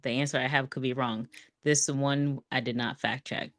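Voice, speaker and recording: A woman's voice: a bass voice, steady tone, moderate pace, dry recording. A woman in her thirties co-hosting a podcast, casually running a trivia game with a playful, teasing manner. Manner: playful, teasing, laughs often. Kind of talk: casual chat. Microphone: studio podcast mic.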